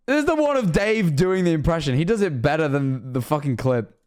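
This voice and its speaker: A young man reacting to videos on stream, animated and joking, swearing often. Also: on the high side, fairly quick, clear, resonant tone.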